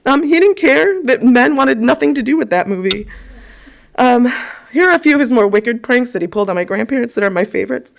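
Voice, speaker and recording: A woman's voice: fairly high pitch, animated, a little fast, creaky. A woman in her forties giving a eulogy, telling personal stories in a chatty way with frequent ums. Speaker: eulogist at a funeral.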